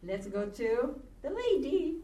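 A woman teaching a grammar class at an unhurried, deliberate pace, patiently sounding out words and coaxing students to repeat after her. She is recorded from across an echoey classroom with faint background ambience. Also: high voice, big pitch swings, dark tone. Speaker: Hebrew teacher. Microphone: recorded from a distance. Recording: echoey room, distant mic, faint ambience.

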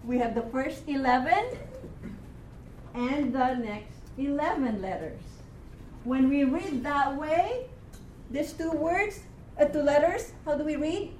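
A woman teaching a Hebrew class, explaining words patiently and repeating them slowly for her students. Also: high-pitched, darkish tone, a little hiss or hum. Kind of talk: classroom lesson.

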